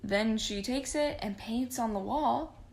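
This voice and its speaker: A woman's voice: fairly high pitch, takes it slowly, vocal fry. A young woman recapping a movie casually, sarcastic, profane and rambling. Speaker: vlogger.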